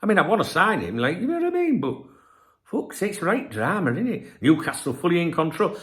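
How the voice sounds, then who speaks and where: A man's voice: sits high, big pitch swings, fairly quick, fairly bright tone. A tired man hosting a football channel, ranting bluntly with heavy swearing. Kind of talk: late-night ranting vlog.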